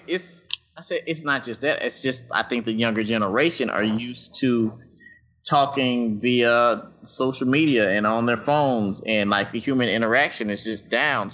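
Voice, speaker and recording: A man's voice: mid-range voice, pushed and bright. A man chatting casually at home on a group call, loose and rambling, full of slang and swearing. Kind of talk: casual profane group chat. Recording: dull lo-fi call audio.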